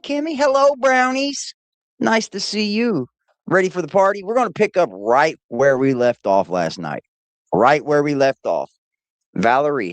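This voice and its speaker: A woman's voice: extremely low pitch, no room sound. A woman hosting a casual livestream, playfully greeting chatters by name one after another on a laptop mic. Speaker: livestream host.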